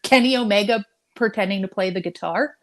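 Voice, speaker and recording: A woman's voice: mid-range voice, a little fast. Laughing, easygoing woman co-hosting a stream. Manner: laughs often, hesitant with fillers, swears casually. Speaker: live stream co-host. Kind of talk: casual wrestling watch-along chat.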